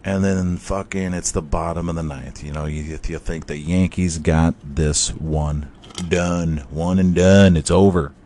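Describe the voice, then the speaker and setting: A man with a low voice tells a story in a loose, casual way, cursing often and rushing ahead when he gets excited. It sounds like a podcast host talking freely. A faint ambient noise sits behind his voice. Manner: profane, excitable, rambling.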